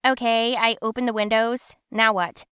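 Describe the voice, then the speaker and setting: A woman voicing a bratty young woman who is a quarrelsome, feuding half-sister, speaking in snappy, shrill bursts. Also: little pitch movement, moderate pace, fairly bright tone, clean tone, no echo, studio quality, lightly acted.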